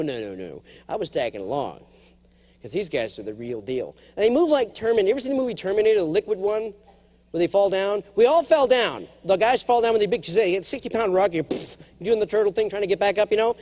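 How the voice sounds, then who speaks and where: A man in his forties giving a humorous conference keynote, telling stories and jumping into acted quotes. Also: fast talker. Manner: animated storyteller, jumps to high acted quotes. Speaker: keynote speaker. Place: large conference hall.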